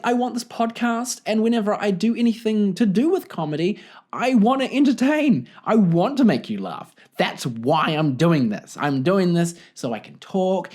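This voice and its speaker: A young man with a New Zealand accent hosts a solo comedic podcast, his voice leaping up and down with lively, animated intonation. He is expressive and quick to poke fun at himself. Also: a little high. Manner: expressive, animated, self-deprecating. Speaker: podcast host.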